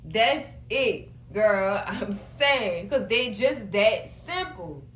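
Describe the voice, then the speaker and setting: A woman recapping a TV episode in a sassy, animated way, addressing her viewers as cousins. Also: medium pitch, very slow, roomy sound, a little hiss or hum, poor audio. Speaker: show recap host. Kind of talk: casual recap commentary.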